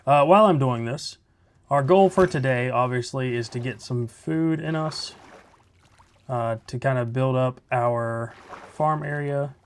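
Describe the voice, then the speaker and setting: A relaxed man talks through his gameplay in an easy, chatty way, as if keeping a friend company. His voice sits at an average pitch, and he muses aloud between tasks. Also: a little slow, slight background noise. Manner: laid-back, chatty, thinking aloud. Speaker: Minecraft let's play host. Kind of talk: casual gameplay commentary.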